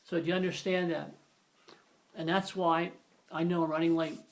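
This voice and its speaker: Man, grammar teacher, high voice, gravelly, rambling, conversational. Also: level tone, moderate pace, slight background noise. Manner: rambling, self-correcting, conversational. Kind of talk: informal video grammar lesson.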